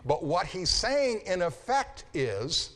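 A man's voice: sits high, big pitch swings, slow, fairly bright tone. A man lecturing a Bible class, repeating key phrases for emphasis and checking in with his students. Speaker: Bible teacher.

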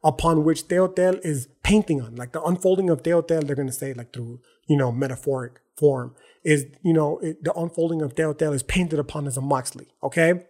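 A man running a solo podcast talks fairly quickly with hardly any pauses, in a slightly high, a little mellow voice. He's emphatic, casual, slangy and profane, and often tacks "right?" and "okay?" onto his sentences.

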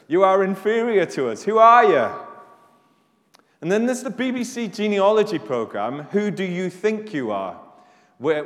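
A man preaching a sermon as pastor, animated and rising to loud emphasis on his questions. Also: medium pitch. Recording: live church recording with long hall reverb.

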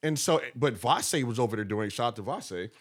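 Telling stories in a casual, animated way, this man from Texas, a guest promoter, acts out people's words with laughter. His mid-range voice has a breathy edge, and he talks at a normal speed.

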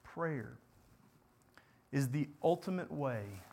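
A man preaching a sermon, building to impassioned repeated questions and sinking to quiet, earnest prayer. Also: fairly high pitch, normal speed, slight background noise. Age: adult parent.

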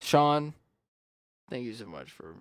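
A man co-hosting a podcast, talking casually, loud and swearing freely. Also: mid-range voice, sing-song, takes it slowly, dry recording. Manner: loud, swearing, laughs a lot. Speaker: podcast co-host. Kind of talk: casual chat.

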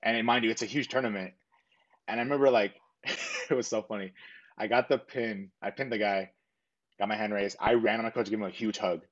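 A young man recounts his past in a relaxed, rambling way, leaning on "um" and "like" and acting out both sides of old conversations. His voice sits on the low side. The recording is a bit dull and muffled. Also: a little fast. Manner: earnest, rambling with frequent fillers and self-quotes. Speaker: interviewee. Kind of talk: casual storytelling.

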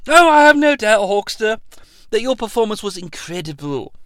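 A man voicing a quiet, halting film director breaking bad news. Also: high voice, big pitch swings, clear, resonant tone, no echo, studio quality, pitched above the performer's own voice. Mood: apologetic. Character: soft-spoken hesitant male film director.

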